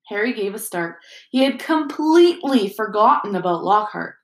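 A woman narrating a storybook in a steady, expressive reading voice, in a roomy echoing recording. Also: mid-range voice, moderate pace. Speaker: audiobook reader. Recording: roomy echo.

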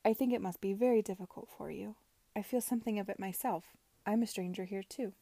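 A kind, gentle young woman who soothes and encourages, voiced by a woman reading aloud. Her tone is warm and mellow. The recording is dry. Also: mid-range voice, a little fast, dry recording, close to an everyday voice.

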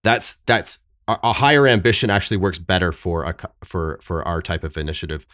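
A man speaking as a podcast guest, thoughtful and halting with frequent restarts and fillers. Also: sits low, expressive, fairly bright tone, no room sound, studio quality. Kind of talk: podcast interview.

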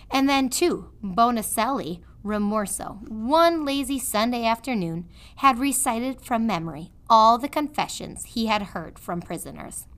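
Slow, measured woman reading aloud. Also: fairly high pitch, fairly bright tone. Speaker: third grade teacher. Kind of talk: reading a children's novel aloud.

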